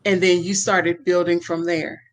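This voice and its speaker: A woman hosting an interview podcast, talking in a relaxed, encouraging way with frequent ums. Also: fairly low pitch, a little slow. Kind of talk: casual interview conversation.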